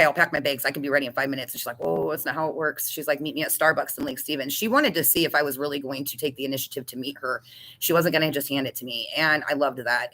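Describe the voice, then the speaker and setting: A woman's voice: deep voice, pushed and bright, rough recording. A woman giving a candid, emotional personal testimony about her recovery, talking with restarts and blunt swearing. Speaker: recovery storyteller.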